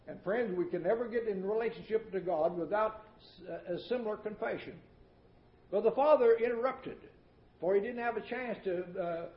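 A high-pitched male preacher delivers a sermon, folksy and emphatic, dropping from loud declaiming into hushed asides. His voice rings through a roomy church. The old recording sounds muffled and dull. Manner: folksy and emphatic, repeats words for effect.

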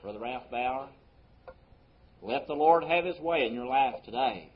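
A man pastor preaching a sermon, his voice swelling on key words and dropping low between them. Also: unhurried, lo-fi sound. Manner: preaching with sweeping rises and drops in loudness.

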